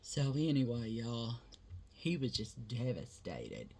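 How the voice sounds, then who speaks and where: A woman's voice: extremely low pitch, huge pitch swings, slow pace, dark tone, a little hiss or hum. A woman telling a rambling family story in casual chat while doing her makeup, full of fillers. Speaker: vlogger, mother.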